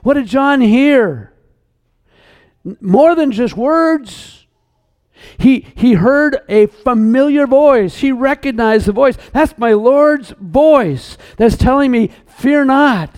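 High-voiced slow earnest preacher man. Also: lively intonation, darkish tone. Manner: earnest, emphatic, repeats words, slows on key phrases. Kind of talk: sermon.

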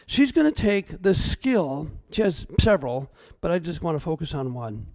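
A middle-aged pastor preaching a sermon, swinging between hushed, choked-up asides and raised, emphatic points. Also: male voice, a little high, very animated, moderate pace. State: choked up at times.

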